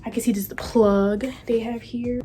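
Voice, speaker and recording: A woman vlogging casually from her room, excitable and gushing as she talks to her viewers. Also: fairly high pitch, normal speed. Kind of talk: casual vlog chat.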